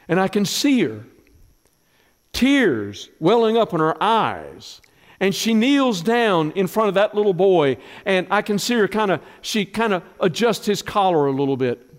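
Male pastor, middle-aged, slightly high voice, emotional storytelling sermon, long hall reverb. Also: big pitch swings, unhurried. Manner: storytelling, emotional, softens to a hush in tender moments.

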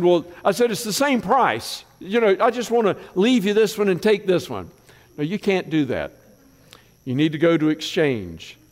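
A man preaching a sermon, mixing scripture with folksy personal stories and dropping his voice low for asides. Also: big-room sound. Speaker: pastor.

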